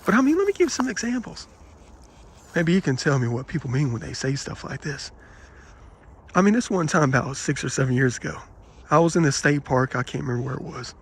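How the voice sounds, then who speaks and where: A man vlogging, telling rambling personal anecdotes in an aggrieved, animated way and quoting the people in them. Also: fairly high pitch, a little fast, slightly rough. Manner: aggrieved, animated retelling with quoted dialogue.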